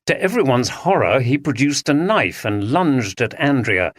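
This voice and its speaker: Lively, expressive male audiobook narrator. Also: mid-range voice, normal speed, dry recording. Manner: expressive storytelling. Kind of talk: scripted narration.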